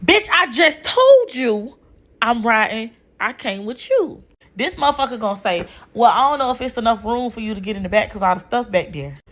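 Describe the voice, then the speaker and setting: A woman's voice: on the high side, expressive, brisk. Blunt, profane woman telling a story. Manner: blunt, profane, exasperated retelling. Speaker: storyteller sharing a relationship story. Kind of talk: casual storytelling.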